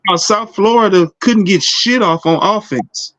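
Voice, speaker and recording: A man's voice: high voice, unhurried, fairly bright tone, highs cut off. A man joining a sports talk show, questioning and exasperated about a rival's claims. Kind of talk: casual sports debate.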